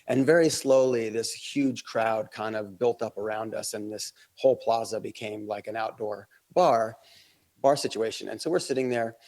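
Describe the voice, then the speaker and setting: A man's voice: lowish voice, steady tone, normal speed, darkish tone. A man, a podcast guest, telling a long travel anecdote in casual conversation, rambling with fillers and acting out quotes. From Australia. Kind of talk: casual storytelling.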